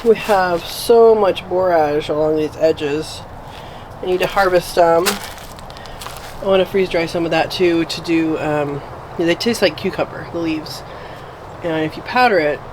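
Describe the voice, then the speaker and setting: A woman's voice: lowish voice, a little slow, background noise. A woman giving a casual walkthrough of her garden and animals, chatting as she goes and talking sweetly to her pets. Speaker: homesteading vlogger. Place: outdoor yard and garden.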